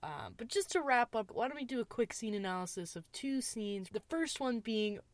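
A woman's voice: on the high side, lively intonation, normal speed, no echo. Casting: woman podcast co-host, giggly and playful, dry close sound. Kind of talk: casual movie review chat.

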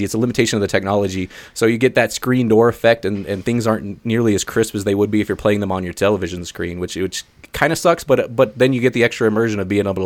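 A man co-hosting a podcast, telling stories in a rambling, excitable way with lots of fillers. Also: on the low side, no echo. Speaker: podcast co-host. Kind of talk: casual chat, storytelling.

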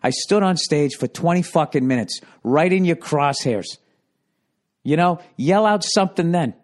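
A man's voice: on the high side, animated, moderate pace. Profane, rambling middle-aged male comic. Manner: profane, rambling, wry storytelling. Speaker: comedian hosting a podcast. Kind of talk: casual comic storytelling monologue.

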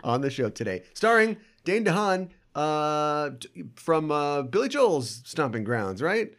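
A man's voice: fairly high pitch, big pitch swings, a little slow. A young man hosting a casual movie podcast, riffing and joking with playful asides. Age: young adult. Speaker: podcast host.

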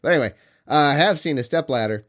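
A man from California co-hosts a podcast and works through a quiz question, his fairly bright, high-side voice fast and expressive. The casual chat rambles, jokes, and keeps cutting itself off.

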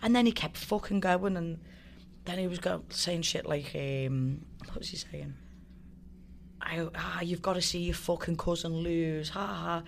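A woman's voice: on the low side, measured pace, vocal fry, a little hiss or hum. A woman guest tells a story casually and with energy, swearing and acting out what others said. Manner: animated, swears freely, acts out quotes. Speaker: guest fighter.

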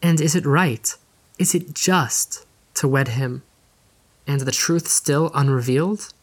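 A man's voice: on the high side, takes it slowly. A man reading the part of an anguished young noblewoman torn between duty and love, in earnest, pleading period diction. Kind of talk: audiobook reading.

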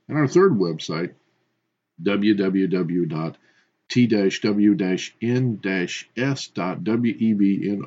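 A man reading a brisk radio station announcement and rattling off web addresses one after another. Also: fairly low pitch, mellow, breathy edge. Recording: dull lo-fi broadcast audio.

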